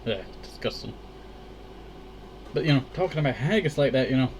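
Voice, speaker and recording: A man's voice: mid-range voice, expressive, measured pace, pauses often, a little hiss or hum. A Scottish man giving casual, rambling let's-play commentary full of "you know" fillers.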